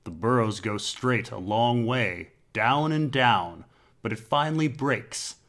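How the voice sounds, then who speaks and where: A man's voice: mid-range voice, expressive, a bit bright. A man reading a stern, grim knight. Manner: stern, measured.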